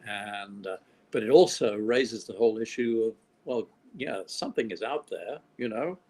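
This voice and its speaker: A man's voice: lowish voice, moderate pace, darkish tone, low-quality recording. An older man from Australia, a film director being interviewed, talking in a rambling way with dry, wry humor. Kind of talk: casual interview conversation.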